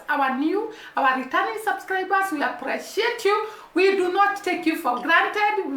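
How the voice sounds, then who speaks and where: A woman's voice: extremely high pitch, sharp tone, reverberant. A Kenyan woman vlogging to camera in an earnest, repetitive way, building emphasis as she speaks, with a baby crying nearby. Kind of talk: casual to-camera commentary.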